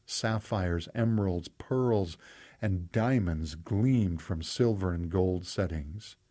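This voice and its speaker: A man reading a children's devotional aloud as a scripted narration, telling a story and then asking gentle questions. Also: sits low. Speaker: devotional host and reader.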